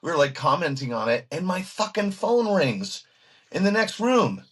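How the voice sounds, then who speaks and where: A man who is a guest musician telling stories in an interview, excitable and animated, acting out what other people said. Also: a little high, moderate pace, husky. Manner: excitable, acts out quoted voices, frequent restarts.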